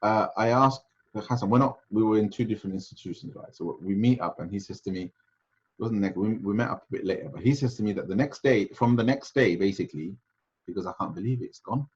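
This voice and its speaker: A man's voice: fairly low pitch, fast talker, darkish tone, breathy edge, muffled recording. A man from Sylhet, Bangladesh, giving an informal religious lecture in a conversational, storytelling manner. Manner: conversational, storytelling, frequent restarts. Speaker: religious teacher.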